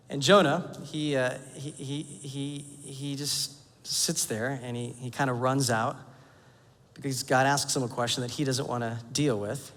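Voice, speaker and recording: A man's voice: a little high, fairly bright tone. A man preaching a sermon as pastor, telling the story with jokes and playful quoted voices. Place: church sanctuary. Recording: long hall reverb.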